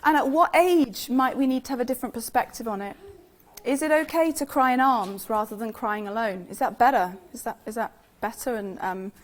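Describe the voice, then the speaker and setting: A woman's voice: a little high, a little fast. A woman with a British accent giving a live talk, chatty and full of questions to the audience. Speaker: speaker giving a talk on infant sleep.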